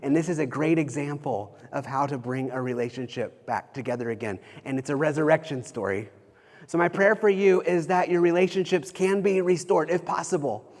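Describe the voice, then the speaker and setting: Casual pastor with a higher voice in a reverberant hall. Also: male voice. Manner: conversational, with frequent restarts and repeated phrases. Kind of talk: sermon. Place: church sanctuary.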